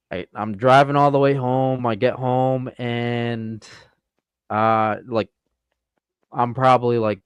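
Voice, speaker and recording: A man's voice: medium pitch, clean tone, no room sound. Man, New England accent, casual podcast storytelling, stammering restarts, dry close sound. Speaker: podcast co-host.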